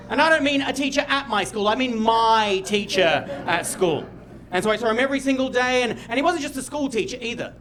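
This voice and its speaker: A young Australian man doing stand-up, telling a long story about his family and sometimes shouting out the lines he acts out. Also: sits high. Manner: animated, jumps to loud shouts when acting out his dad. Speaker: stand-up comedian. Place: comedy stage before a live audience.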